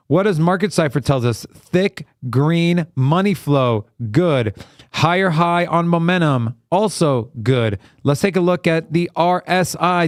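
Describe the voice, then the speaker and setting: A man's voice: on the high side, clean tone, dry recording, clean studio sound. Hyped man calling live chart trades. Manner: hyped, chatty, talks to chat by name. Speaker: live trading stream host. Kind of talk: casual live-stream chart commentary.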